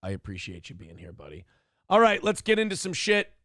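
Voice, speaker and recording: A man's voice: sits high, huge pitch swings, fairly quick, bright, forceful tone, dry recording, studio quality. A man hosting a morning radio show, reading out chat comments and mocking trolls with sarcasm while asking for donations. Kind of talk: live-stream donation appeal.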